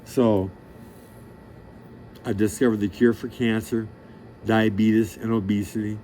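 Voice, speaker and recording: A middle-aged man with a somewhat low, dark voice rambles on directly to the camera at an unhurried pace and level tone. Brash, crude, and boastful, he leans on street slang, curses freely, and loses track of his story. There's a little hiss or hum in the audio.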